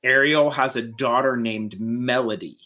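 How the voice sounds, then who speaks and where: A man's voice: mid-range voice, a little slow, pushed and bright. A man who is a parent, co-hosting a casual live talk show, playful and jokey as he describes food items. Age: adult parent. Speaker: co-host of a Disney talk show. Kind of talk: casual live-stream chat.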